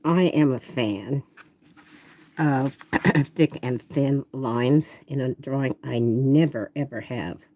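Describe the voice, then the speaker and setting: A woman's voice: rumbling low, slow pace, dark tone. An older woman artist who chats casually and talks to herself while she demonstrates drawing.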